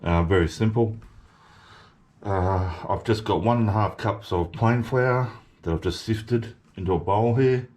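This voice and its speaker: A man hosting his home cooking channel, talking through each step in a relaxed, chatty way from his kitchen. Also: on the low side, a little slow. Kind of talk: casual cooking demonstration.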